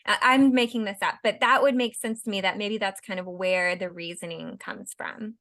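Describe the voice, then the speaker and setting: A woman's voice: mid-range voice, steady tone, moderate pace, sharp tone. A woman co-hosting a podcast in casual chat, thinking aloud in a hesitant way, full of "you know". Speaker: podcast co-host.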